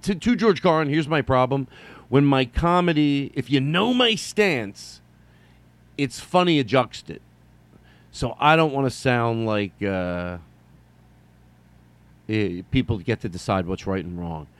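A middle-aged man hosting a solo comedy podcast, rambling and joking, jumping from loud bursts to mumbled asides. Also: medium pitch, measured pace, long pauses, no room sound. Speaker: podcast host.

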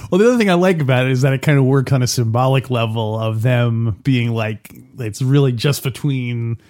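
A man's voice: mid-range voice, fairly quick, darkish tone. Chatty man hosting a podcast. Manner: thinks aloud, restarts, chuckles. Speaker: podcast host. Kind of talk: casual chat.

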